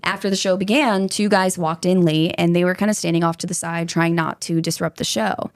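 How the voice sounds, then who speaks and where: A young woman with a lowish voice tells a true crime story as a podcast host. She talks in a loose, chatty way and swears in passing. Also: a little fast, clean tone. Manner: chatty and animated, swears casually, slips into quoting voices. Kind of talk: casual storytelling chat.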